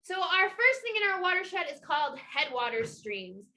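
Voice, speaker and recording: A young woman leading an upbeat online lesson for children, energetic, encouraging and playful. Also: very high voice, normal speed. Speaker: children's water festival educator. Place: home, indoors. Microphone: video call.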